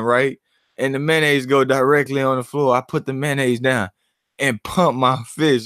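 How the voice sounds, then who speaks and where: Male vlogger, mid-range voice, dry close sound, loose animated banter full of cursing. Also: mid-range voice, clean tone, dry recording. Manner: animated, profane, laughing banter. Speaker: boxing commentator and channel host. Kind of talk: casual vlog commentary.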